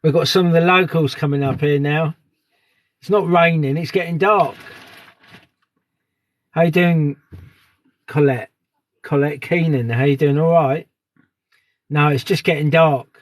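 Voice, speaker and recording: A man's voice: fairly high pitch, steady tone, measured pace, long pauses, dry recording. A man live streaming outdoors at dusk on a phone, chatting casually and greeting viewers by name. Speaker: live streamer on a sky watch.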